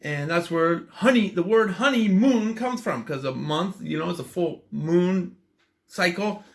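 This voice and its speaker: Trying a drink on his vlog, a man rambles in a chatty, enthusiastic way and fills his talk with "um"s and "uh"s. His voice sits high and sounds gravelly, and he speaks a little slowly.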